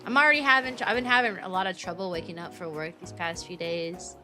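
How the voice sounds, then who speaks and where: A woman's voice: fairly low pitch, steady tone, fast, bright, forceful tone, faint music behind. A young woman, chatting casually on a stream in a bubbly, rambling, playful way.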